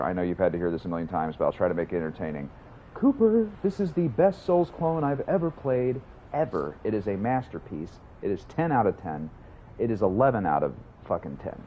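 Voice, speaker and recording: A man streaming a game from his hot room at home, talking excitedly and with a lot of swearing to his chat. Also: on the low side, muffled recording, a little hiss or hum. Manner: excited, profane, chatty with chat. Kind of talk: casual livestream chat.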